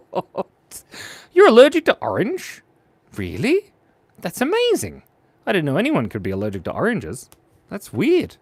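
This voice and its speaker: A goofy man hosting a live stream, his voice leaping around with lively, bouncing intonation. He chatters playfully to viewers while he draws. The sound is close and dry, with no room echo. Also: sits high, unhurried, pauses often. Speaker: live-stream drawing host. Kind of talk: casual live-stream chat while drawing.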